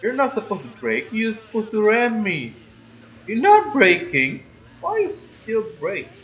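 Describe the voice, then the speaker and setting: Excitable streamer cursing at a racing game. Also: male voice, high-pitched, moderate pace. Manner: excitable, swears often, groans and complains at the game. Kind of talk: livestream gaming commentary. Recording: slightly dull lo-fi stream audio, faint game music behind.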